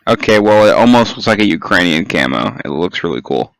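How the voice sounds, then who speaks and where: Young man, low, animated, profane, dry sound. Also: fairly quick, no room sound, low-quality recording. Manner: excitable, swears a lot. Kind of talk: casual chat.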